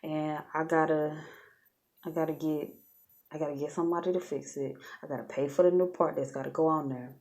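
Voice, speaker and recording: A woman's voice: low voice, steady tone, a little fast, darkish tone. A woman vlogging in a casual, chatty way, talking straight to her viewers and laughing often. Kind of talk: casual storytelling vlog.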